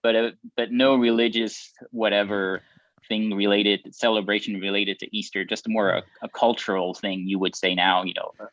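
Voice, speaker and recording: A man with a fairly low voice interprets for a guest, often restarting sentences and chuckling between them. His audio sounds dull and lo-fi, with a dry, close feel. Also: level tone, moderate pace, a bit bright, no room sound. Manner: restarts and chuckles while translating. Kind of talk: translating for a guest.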